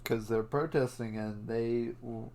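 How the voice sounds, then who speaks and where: A man's voice: mid-range voice, steady tone, unhurried, darkish tone, a little hiss or hum. A teenage boy in a class history podcast, playful and giggly. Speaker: student presenter. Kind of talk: casual class project podcast.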